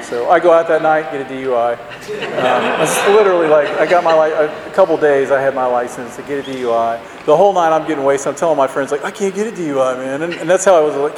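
A man telling a candid, self-mocking personal story to an audience, rambling with lots of fillers. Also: mid-range voice. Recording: roomy hall, faint background noise.

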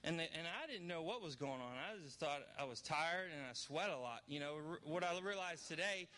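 This is a middle-aged man from New Orleans sharing his story before a recovery crowd. His voice rides a touch high and sounds bright and forward. He wanders through it candidly, poking fun at himself. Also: expressive, moderate pace. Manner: candid, rambling storyteller with self-deprecating humor. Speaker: recovery speaker. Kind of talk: personal testimony to an audience.

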